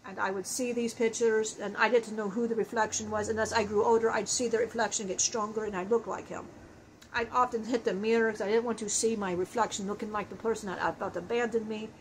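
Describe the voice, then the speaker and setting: A woman channeling a grown male spirit who speaks in an earnest, halting, emotional way. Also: on the high side, slight background noise, lightly acted, rough recording. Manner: earnest, halting, emotional storytelling with many restarts.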